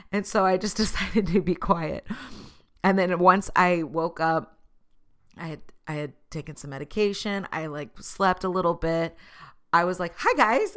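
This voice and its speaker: A woman's voice: fairly low pitch, fairly bright tone. A woman talking through her thoughts in a casual, earnest vlog monologue, laughing at herself now and then. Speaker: vlogger.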